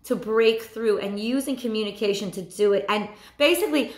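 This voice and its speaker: A woman's voice: mid-range voice, a little fast, echoey room. A woman giving a casual tarot reading, speaking emphatically and repeating herself as she voices what someone might be thinking. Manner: repetitive, emphatic, voices inner thoughts. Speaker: tarot reader.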